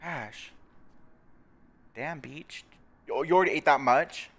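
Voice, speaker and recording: A man's voice: on the high side, slow, fairly bright tone. A young man giving casual, profane commentary on a life-simulation game, laughing often and putting on mocking voices. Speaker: gaming video creator.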